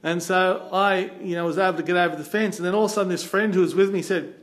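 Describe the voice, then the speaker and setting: A man from Australia with an Australian accent, telling a travel story in a chatty, animated way. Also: high voice, fast. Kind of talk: casual anecdote.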